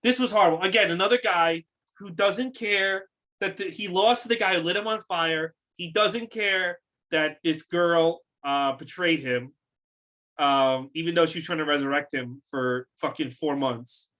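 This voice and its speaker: Man, podcast co-host, exasperated profane rant, bright tense tone. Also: a little high, moderate pace. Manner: exasperated ranting, profane, repeats himself. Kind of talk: casual wrestling recap chat.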